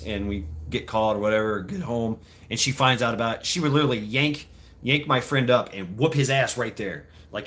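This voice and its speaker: Rambling man with a bright voice. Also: mid-range voice. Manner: rambling, laughs often, puts on quick voices. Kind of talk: casual chat.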